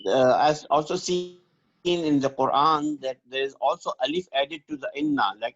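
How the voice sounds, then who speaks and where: A man's voice: medium pitch, normal speed, fairly bright tone. Careful male student on muffled audio. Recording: dull, muffled call audio.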